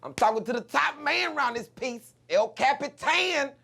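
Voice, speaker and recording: A male stand-up comedian telling stories in a jail, animated and jumping up into excited shouts. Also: very high voice, moderate pace, vocal fry. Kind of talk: stand-up storytelling. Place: jail, large hard room. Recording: long hall reverb, faint noise.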